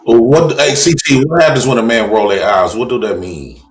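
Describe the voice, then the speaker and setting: A man's voice: medium pitch, a little fast. Man on a call-in, asking pointed questions. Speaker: call-in guest. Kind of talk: casual call-in chat.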